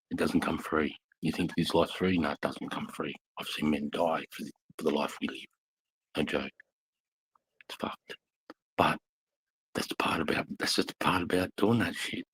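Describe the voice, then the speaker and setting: A man's voice: rumbling low, a little hiss or hum, poor audio. A middle-aged man with an Australian accent, a veteran telling blunt, swearing war stories in casual bar chat. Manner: blunt, heavy swearing, intense.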